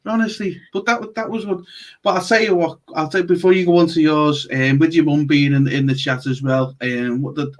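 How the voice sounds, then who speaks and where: A chatty man with a Scouse accent hosts a casual podcast. His voice sits a little high for a man, and he jokes and laughs easily as he talks. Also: fairly even intonation. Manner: chatty, quick to joke and laugh. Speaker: podcast host. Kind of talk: casual chat.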